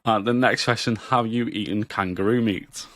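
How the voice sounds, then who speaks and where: A man hosts a podcast, putting questions to his guest in a friendly, chatty way. His voice is fairly low. It is recorded close and dry, with no room sound. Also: fairly even intonation, moderate pace, a bit bright, dry recording. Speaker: podcast host. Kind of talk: casual interview hosting.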